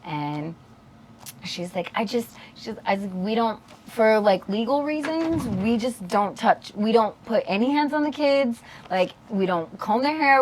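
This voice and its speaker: A woman co-hosting a podcast in casual chat, telling a story with lots of swearing and quoted voices. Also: medium pitch. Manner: animated storyteller, swears freely, mimics people. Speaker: podcast co-host.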